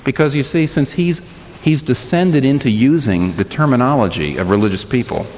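A male pastor delivering an animated sermon, his pitch rising and falling widely as he acts out the people he quotes. His voice carries a long reverb from a large hall. Faint background noise sits under it. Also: normal speed. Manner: animated preaching, voices quoted speakers with sharp pitch swings.

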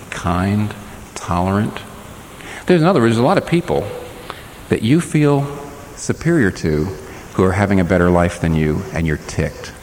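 A man preaching a sermon as pastor, talking to his congregation with animated delivery and shifting into the voices of the people he quotes. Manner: animated preaching, voices quoted speakers with sharp pitch swings. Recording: reverberant hall, faint background noise.

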